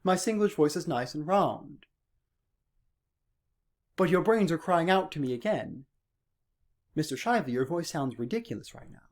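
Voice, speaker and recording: A young man teaching a singing lesson to his students, playful and sometimes exaggerating his vowels and consonants to demonstrate. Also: fairly high pitch. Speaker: music teacher.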